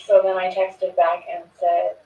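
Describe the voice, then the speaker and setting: A woman's voice: lowish voice, monotone, a little slow, dark tone. Woman telling an interviewer what went down, lots of "i was like", echoey room, sounds far off. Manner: retells text exchanges with many "I was like" and "she's like"; loose and chatty, with fillers and restarts. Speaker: friend recounting events to an interviewer. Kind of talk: recounted testimony in an interview. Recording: distant, echoey, dull archive recording.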